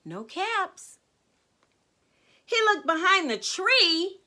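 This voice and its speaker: A woman reads a children's picture book aloud, slow and unhurried. Her voice is high and bright and swoops up and down. She keeps turning to her young listeners with questions. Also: very animated. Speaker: children's storyteller and teacher.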